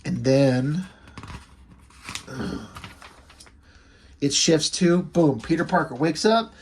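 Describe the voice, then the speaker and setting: A man reviewing a comic book in casual recap talk, enthusiastic and blunt with the odd curse. His voice sits a little high for a man. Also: takes it slowly, a little hiss or hum.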